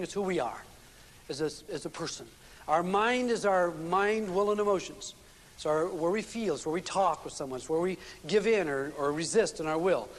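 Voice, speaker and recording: A man with a high, light voice delivers a relationship seminar to a live audience. He tells folksy stories, restarting his sentences often, and his words trail into a long hall reverb. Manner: folksy storytelling with frequent restarts and fillers. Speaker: seminar speaker. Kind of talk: relationship seminar lecture with anecdotes.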